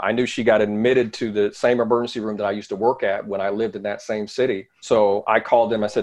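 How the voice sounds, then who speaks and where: A middle-aged man, a guest in an interview, telling a personal story in an earnest way that often sinks to a quiet low voice. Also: flat delivery, fast talker, few pauses.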